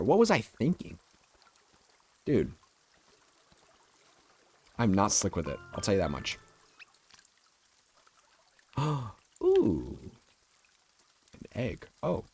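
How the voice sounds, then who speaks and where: Young man streaming, rambling story. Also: lowish voice. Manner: rambling, lots of "like" fillers. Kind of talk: casual storytelling while gaming.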